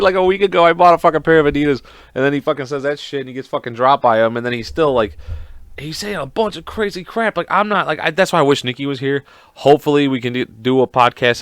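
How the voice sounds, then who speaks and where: Male podcast host, casual rant, swears constantly, rambles, medium pitch, dry close sound. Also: clear, resonant tone, no room sound. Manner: profane, rambling, excitable.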